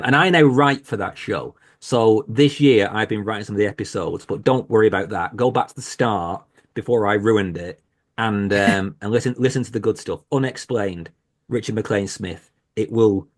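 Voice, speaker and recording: Man, horror podcaster, video call, rambling, self-deprecating, lowish voice. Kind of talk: casual panel chat.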